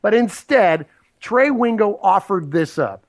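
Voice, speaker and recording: A man's voice: sits high, lively intonation, a little slow. Indignant, rambling sports talk man. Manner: rambling, indignant, many restarts. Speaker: sports podcast co-host.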